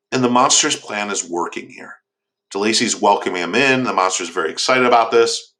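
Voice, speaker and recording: A man's voice: fairly low pitch, brisk, pushed and bright. A man teaching a casual lesson on a novel, rambling, with frequent fillers and restarts.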